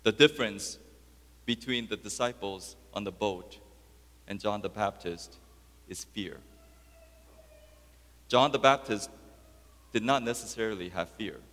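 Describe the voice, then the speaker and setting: A man preaching a sermon as pastor, dropping soft and low, then rising to loud, high emphatic peaks. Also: measured pace, pauses often. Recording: long hall reverb.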